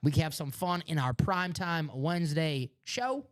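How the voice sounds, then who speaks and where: A man's voice: on the high side, big pitch swings, moderate pace. Male live-stream host, Chicago accent, upbeat salesy banter with jokes. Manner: upbeat, joking, hyping items.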